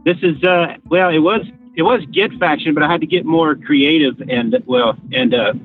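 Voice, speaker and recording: A man's voice: fairly high pitch, normal speed, husky, faint music behind. A middle-aged man from Texas calling in to a talk show, telling a story with many restarts and fillers. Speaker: caller. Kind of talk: call-in storytelling. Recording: tinny phone line.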